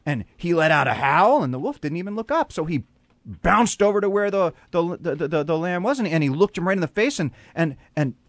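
A pastor telling a dramatic story on a radio program, animated and full of repetition. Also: male voice, sits high, a little fast, no echo.

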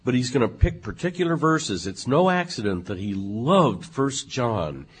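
Husky guy explaining theology, emphatic, lecture-ish, slows down to hammer points. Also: mid-range voice, sing-song. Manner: emphatic, professorial, varies pace for stress. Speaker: theologian guest. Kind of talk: lecture-like conversation.

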